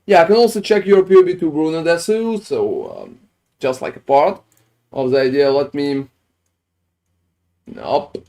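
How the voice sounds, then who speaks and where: This streamer's voice is on the high side, darkish and sing-song, unhurried and full of pauses. While playing a game, he casually reviews viewers' builds, cursing often and speaking with non-native phrasing.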